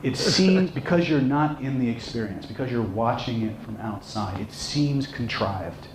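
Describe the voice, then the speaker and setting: A man's voice: mid-range voice, normal speed. A man teaching a live seminar, telling stories and acting out the people in them. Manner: animated, acts out shouting characters in stories. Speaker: seminar trainer. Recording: echoey room with faint noise.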